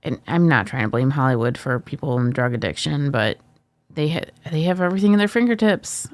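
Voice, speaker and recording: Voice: medium pitch, lively intonation, brisk, dry recording. A podcast co-host in casual chat, mostly giving short agreeing replies and sometimes reflecting at length.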